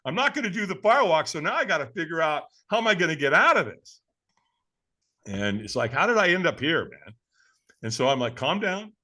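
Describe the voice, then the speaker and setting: A man guesting on a podcast, telling a personal story in a lively, dramatic way and laughing as he goes, with a casual manner. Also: fairly high pitch, brisk. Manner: casual, addresses the host as man and brother.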